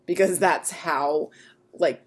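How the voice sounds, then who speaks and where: Woman, podcast co-host, casual chat, husky, lowish, wry, rambling. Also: slow pace. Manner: chatty, wry, filler-heavy.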